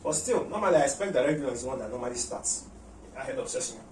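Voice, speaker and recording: Football analyst with a roomy, distant sound. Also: male voice, medium pitch, rapid-fire, a little hiss or hum. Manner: animated, repeats words, many "you know" fillers. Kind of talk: tactical match preview. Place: room at home. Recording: roomy echo, mic at a distance.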